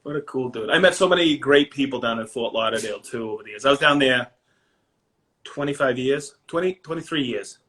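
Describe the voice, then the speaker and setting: A middle-aged man with a Maine accent, a guest and a finisher, chats casually in a brisk, sharp, mid-range voice. He rambles with lots of fillers and laughs frequently.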